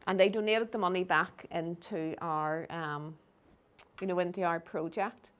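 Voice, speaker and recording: A woman's voice: fairly low pitch, fairly even intonation, a little slow, fairly bright tone. A middle-aged woman with a Belfast accent, giving a lecture with slides and telling stories that act out the people she quotes. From Northern Ireland. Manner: storytelling, acts out quoted people.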